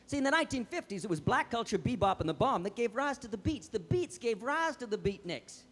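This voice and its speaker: A man's voice: very high-pitched, big pitch swings, fairly quick, fairly bright tone, full character voice. A man playing a hip male beatnik poet in a fez, delivering jive hipster patter and theatrical verse in a live stand-up character act. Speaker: stage comedian. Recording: live stage with reverb, music and audience.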